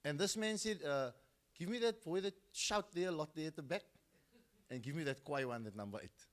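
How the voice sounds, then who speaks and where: His voice is on the high side, animated and brisk. He's a middle-aged man with a South African accent giving a storytelling speech at a school football launch, performing the voices of those he quotes.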